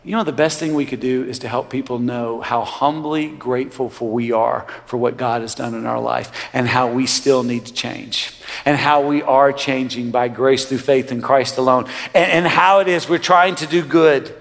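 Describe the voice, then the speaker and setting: A man's voice: medium pitch, fairly even intonation, moderate pace, vocal fry. Man preaching in a reverberant church. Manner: preaching with sudden loud rises and quiet drops. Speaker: pastor. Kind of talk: sermon. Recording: long hall reverb.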